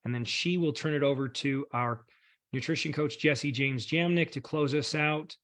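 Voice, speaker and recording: A man hosting a community video call, full of warm, effusive thanks and praise for his guests. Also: fairly high pitch, moderate pace. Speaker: host.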